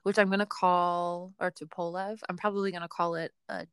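A woman's voice: fairly low pitch, level tone, a little fast, fairly bright tone, smooth, dry recording. A woman co-hosting a podcast, telling an aviation story in a chatty, casual way with frequent laughs and fillers. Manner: chatty, laughs often, lots of fillers and hedges.

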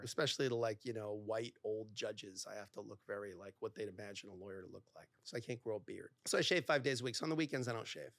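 A man, a divorce lawyer, talking candidly as a podcast guest, animated and acting out the dialogue in his stories, with lots of "like". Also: lowish voice, no echo, studio quality. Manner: animated storyteller who acts out quoted dialogue, heavy use of "like".

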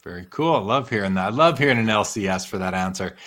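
A man's voice: fairly low pitch, expressive, quick pace, fairly bright tone. A man hosting a live interview show in a friendly, conversational manner. He asks questions and reads out viewer comments. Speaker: host.

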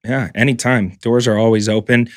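Animated, swearing podcast host. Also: male voice, mid-range voice, fairly quick, no echo, clean studio sound. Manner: animated storyteller, swears freely. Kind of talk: casual podcast conversation.

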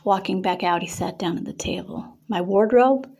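A woman reading her own erotic story aloud in a steady storytelling way. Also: fairly low pitch, brisk, vocal fry, slightly rough.

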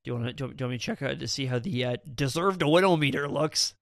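A man from Canada with a gravelly, creaky edge to his mid-pitched voice rambles through casual podcast talk. He laughs a lot and swears casually. The sound is dry and close-miked. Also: very fast, no echo. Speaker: podcast co-host.

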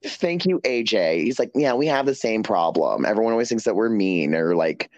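A man guesting on an interview show, telling stories in a sassy, animated way with lots of quoted dialogue. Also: fairly low pitch, a little fast, no echo. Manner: sassy storytelling, animated quoting. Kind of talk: casual chat.

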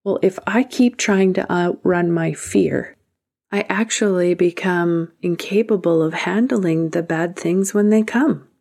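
Slow, gravelly woman giving a motivational talk. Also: lowish voice, a little mellow. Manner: earnest, emphatic, slow and deliberate with whispered emphases. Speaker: podcast host. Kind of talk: motivational self-help talk.

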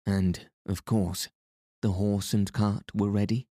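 A man reading the part of a suspicious, imperious official who speaks peremptorily and roughly. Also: on the low side, little pitch movement, takes it slowly, dark tone, no echo, studio quality. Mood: curt.

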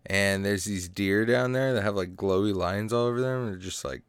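A man's voice: lowish voice, normal speed, fairly bright tone, smooth, no echo, studio quality. A man co-hosting a casual gaming podcast, upbeat and joking as he chats and reads a sponsor spot. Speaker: podcast co-host.

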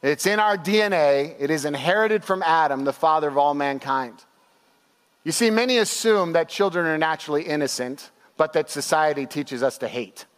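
A young man preaching a sermon to his church, telling stories with animated, acted-out quotes. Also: fairly high pitch, normal speed, clear, resonant tone. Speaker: pastor. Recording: long hall reverb.

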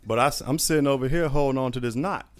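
A man telling a story in a casual chat, animated and profane, often laughing. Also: mid-range voice, fast, faint music behind.

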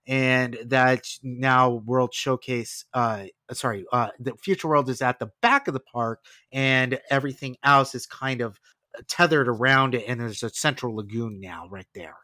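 A man's voice: medium pitch, a little slow, dry recording. A man hosting a podcast, narrating history casually with wry asides. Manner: animated storytelling with asides and laughs. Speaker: podcast host.

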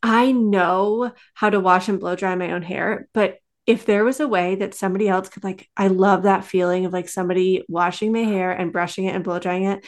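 A woman's voice: medium pitch, moderate pace, hardly any pauses. Woman podcast guest, casual storyteller who acts out quotes. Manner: storytelling, animated quoting. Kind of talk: casual conversation.

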